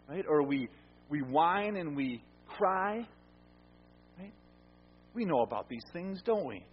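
Husky-voiced preacher in an echoing hall. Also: male voice, fairly high pitch. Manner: conversational preaching with rhetorical questions and repeated words. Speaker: pastor. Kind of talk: sermon. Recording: reverberant hall, muffled sound.

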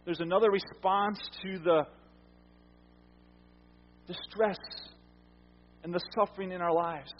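A man preaching a sermon as pastor, earnest, repeating phrases for emphasis and letting his lines fall quiet at the ends. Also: high voice, fairly even intonation, takes it slowly, long pauses. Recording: dull, echoey hall sound.

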